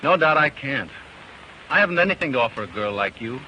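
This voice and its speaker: A man's voice: mid-range voice, expressive, brisk, pushed and bright, highs cut off. A shy, proud working man. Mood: reluctant. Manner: hesitant, reluctant. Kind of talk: 1930s film acting. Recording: noisy old film soundtrack.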